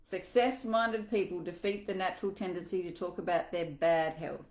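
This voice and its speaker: A woman reads a self-help book aloud in a slightly low voice, earnest and unpolished, slipping now and then and adding her own asides. The sound is roomy and a little dull, like a simple home recording. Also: steady tone, moderate pace. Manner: earnest, with small slips and asides. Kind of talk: reading aloud with commentary.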